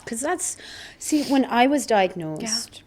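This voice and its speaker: A woman's voice: on the high side, expressive, slow, a little mellow, husky. A middle-aged woman talking candidly as a podcast guest, earnest and reflective, laughing often.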